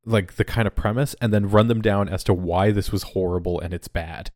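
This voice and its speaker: Podcast co-host, male, lowish voice, dry room, wry and ranty. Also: fairly even intonation, a little fast, a little mellow, no echo. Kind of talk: casual chat.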